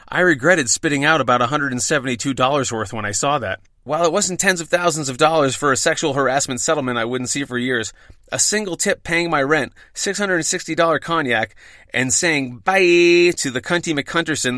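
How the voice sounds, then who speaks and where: A man, a bartender who hosts a podcast, telling a story with wry, heavily profane narration and dramatic pauses. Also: mid-range voice, sharp tone, no echo, studio quality.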